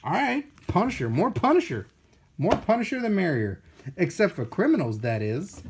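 Excitable man gushing over comics. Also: high-pitched, normal speed, background noise. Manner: excitable and playful, gushing over finds and joking with viewers. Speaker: unboxing video host. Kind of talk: casual live-stream chat while unboxing.

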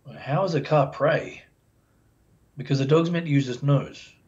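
A man, a dog behaviour expert, explaining as a podcast guest in a chatty, animated way and acting out the voices of dog owners. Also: medium pitch, normal speed. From Australia. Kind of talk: casual podcast interview. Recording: dull lo-fi sound.

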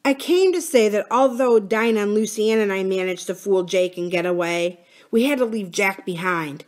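A woman's voice: medium pitch, normal speed, lightly acted. A woman voicing an earnest, anxious schoolboy in a storybook reading. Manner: earnest, pleading.

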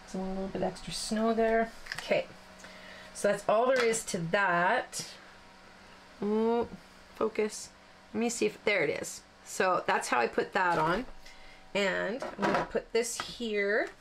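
A woman's voice: medium pitch, unhurried. A chatty woman talks through a card-making demo in a mid-range voice, rambling and joking at her own expense. A faint hiss of background noise sits under her voice. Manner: chatty, rambling, self-deprecating with frequent fillers. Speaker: card-making tutorial host. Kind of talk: casual crafting demonstration.

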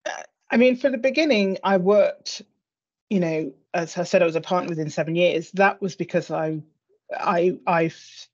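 A woman's voice: fairly low pitch, normal speed, husky, lo-fi sound. A woman with a British accent, speaking as an interview guest who talks earnestly, often restarting and repeating words. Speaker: interview guest, senior lawyer. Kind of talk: reflective interview conversation.

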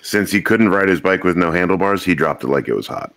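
A man's voice: low-pitched, expressive, brisk, fairly bright tone, dry recording. A man co-hosting a podcast, telling a rambling, joking story in casual chat with a few curse words. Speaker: podcast co-host.

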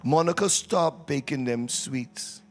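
A man's voice: fairly high pitch, takes it slowly, soft background music. A man leading a church service as pastor, with announcements and prayer, teasing the congregation and calling for responses. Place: church sanctuary.

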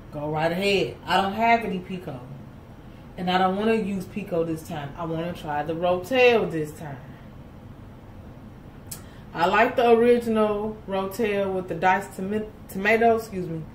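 A woman's voice: mid-range voice, a little hiss or hum. A woman chatting casually to viewers as she cooks in her home kitchen. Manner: chatty, folksy, talks to viewers as y'all. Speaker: home cook host. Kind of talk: casual cooking chat. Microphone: camera set off to the side. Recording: roomy kitchen audio from a distance.

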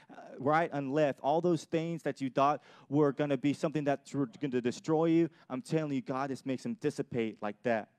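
A man's voice: a little high, a little mellow, no room sound, clean studio sound. A young adult man pastor giving an earnest sermon with personal testimony, often repeating and restarting his phrases. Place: church.

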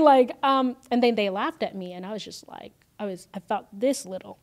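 Woman, interview guest, emotional storytelling, animated, acts out dialogue. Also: mid-range voice, normal speed. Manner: animated, lots of fillers, acts out quoted lines.

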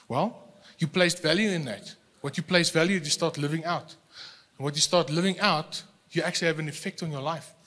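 High-voiced pastor preaching in an echoing hall. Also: male voice. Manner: animated, repeats words as he restarts, acts out little scenes. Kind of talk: sermon. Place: church hall. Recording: long hall reverb, no microphone.

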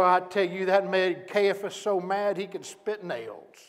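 A man's voice: high voice, unhurried, few pauses, big-room sound. A man preaching a sermon as pastor, telling the story dramatically and acting out each character's words. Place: church sanctuary.

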